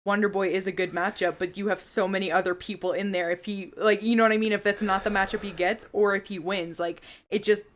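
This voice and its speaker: A woman's voice: mid-range voice, steady tone, fairly quick, hardly any pauses, a little hiss or hum. A woman co-hosting a podcast in casual chat, sounding worried, sighing and filling with "like" and swearing. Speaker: podcast co-host.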